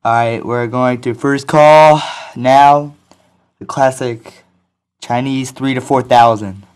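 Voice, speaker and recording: A man's voice: medium pitch, steady tone, slow, darkish tone, clear, resonant tone. A man hosting a comedy podcast, making prank calls in a hesitant, rambling way full of fillers. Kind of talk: casual prank-call chat.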